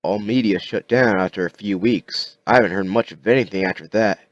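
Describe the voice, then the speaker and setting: A man voicing a calm, plain-spoken rural father who shelters his son, talking in a folksy way. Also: on the low side, brisk, dull audio, lightly acted.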